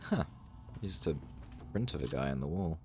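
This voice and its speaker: A man's voice: extremely low pitch, animated, moderate pace, darkish tone, slight background noise. A man streaming a horror game live, chatting casually with wry asides and reactions.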